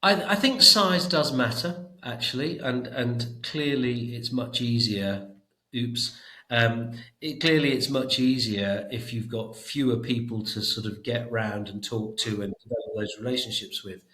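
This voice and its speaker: A man's voice: mid-range voice, measured pace, pushed and bright, reverberant, rough recording. A middle-aged man talking emphatically in a podcast interview as a guest, often repeating words as he thinks. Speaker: education trust chief executive, guest.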